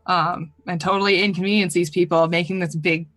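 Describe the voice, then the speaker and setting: A woman's voice: lowish voice, fairly even intonation, fairly quick, fairly bright tone, no room sound. A woman playing a tabletop role-playing game, thinking aloud hesitantly about her character's moves. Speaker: player.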